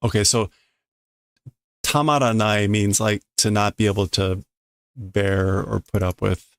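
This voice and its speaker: A man's voice: on the low side, steady tone, a little slow, a bit bright, no room sound, clean studio sound. A man casually reading a manga aloud on a live stream, sounding out Japanese lines and translating them with amused chuckles.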